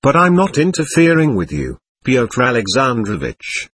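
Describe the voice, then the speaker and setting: A man's voice: mid-range voice, huge pitch swings, normal speed, a bit bright, slightly rough, full character voice. A man reading the lines of a mocking, sarcastic old male buffoon in a storybook reading. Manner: sarcastic, teasing.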